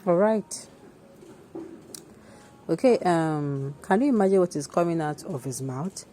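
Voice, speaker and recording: Low-voiced Nigerian woman hosting commentary. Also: expressive, measured pace, long pauses, mellow, slight background noise. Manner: conversational, emphatic, with asides and restarts. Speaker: commentary host. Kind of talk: opinionated news commentary.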